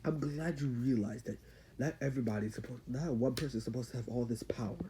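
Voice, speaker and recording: A man voicing a calm, proud male hero mentor who speaks softly and slowly, approving of his student. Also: medium pitch, slight background noise, voice pushed down, close to an everyday voice.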